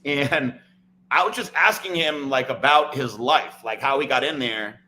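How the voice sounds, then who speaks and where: A man, guesting on a podcast, rambles through a long personal story in casual chat, peppering it with "like" and "right?". His medium-pitched voice is a little slow, bright and forceful, on a rough recording.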